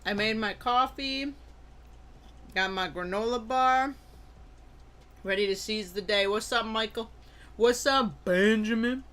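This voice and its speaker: Young adult stream host, bright tone, upbeat chatter, allergy-sneezy. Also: medium pitch, takes it slowly, long pauses, a little hiss or hum. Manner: upbeat, greets viewers by name, frequent loud excited outbursts. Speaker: live-stream host opening trading cards. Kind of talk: casual live-stream chat.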